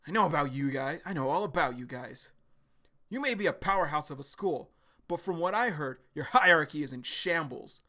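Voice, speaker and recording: A man's voice: on the high side, lively intonation, moderate pace, pushed and bright. A man voicing a smug young male rival who lectures in a matter-of-fact way.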